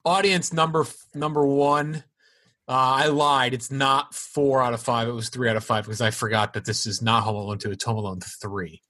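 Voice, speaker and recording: A man co-hosting a casual podcast in a relaxed way. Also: mid-range voice, normal speed. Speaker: podcast co-host. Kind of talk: casual chat.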